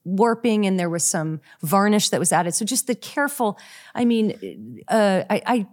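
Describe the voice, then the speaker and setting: A woman's voice: medium pitch, sing-song, normal speed, a little mellow. A woman author, a guest on an interview show, explaining a story in a chatty, amused way. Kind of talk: casual conversational interview.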